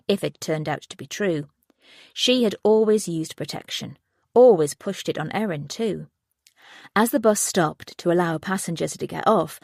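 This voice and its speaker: A woman narrating a thriller audiobook in a steady, even reading voice. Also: low-pitched, no room sound, clean studio sound. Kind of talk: scripted narration.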